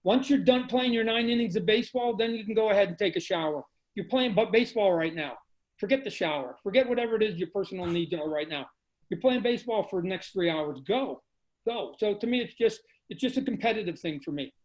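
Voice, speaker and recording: A man from Canada, a guest telling animated stories on a video call, often repeating his phrases. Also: high-pitched, quick pace, poor audio. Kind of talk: casual storytelling.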